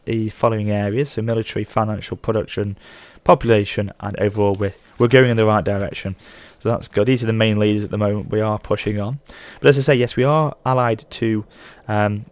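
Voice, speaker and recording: Chatty low-voiced man. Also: steady tone, a little fast, hardly any pauses, dry recording. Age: 30s. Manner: chatty, rambling, frequent self-corrections. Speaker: gaming channel host. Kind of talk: let's play commentary.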